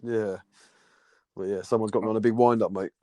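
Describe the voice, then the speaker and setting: A man's voice: fairly low pitch, fairly even intonation, brisk, mellow, no room sound. A man, a football captain telling stories in a rambling, slangy way as a podcast guest. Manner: rambling, repeats words, slangy banter. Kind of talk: casual storytelling chat. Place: podcast recording.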